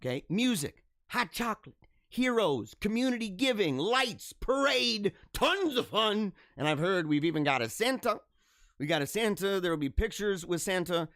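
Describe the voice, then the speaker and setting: Excitable rambling male live-stream host. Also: sits high, normal speed, dry recording, clean studio sound. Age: adult with school-age children. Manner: excitable, rambling, laughs often and repeats himself. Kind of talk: casual live-stream chat.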